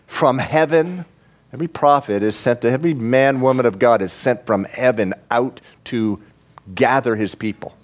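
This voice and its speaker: A pastor preaching a sermon in a church, talking straight to his congregation and building to fervent, repeated emphasis. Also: mid-range voice. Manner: preaching with rising, impassioned emphasis and repetition; addresses the congregation directly.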